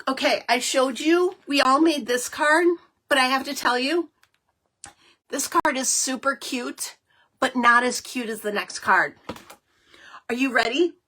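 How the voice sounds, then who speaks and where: A chatty, excitable middle-aged woman hosting a live card-making stream, with lots of fillers. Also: high-pitched, a little slow. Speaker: host of a live crafting show.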